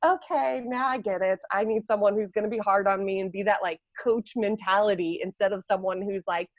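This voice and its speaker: A young woman telling a personal story on a coaching call, lively and mimicking people as she goes. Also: medium pitch, brisk, dry recording. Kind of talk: casual storytelling.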